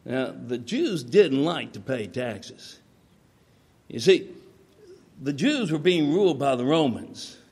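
A man preaching a sermon, retelling stories with lively acted-out voices and frequent stammered restarts. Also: mid-range voice. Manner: animated storytelling, acts out quoted voices, stammering restarts.

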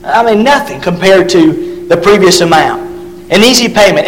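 High-voiced preacher in a reverberant hall. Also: male voice, fairly bright tone. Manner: emphatic, drawn-out stresses on key words. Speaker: pastor. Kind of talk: sermon with scripture reading.

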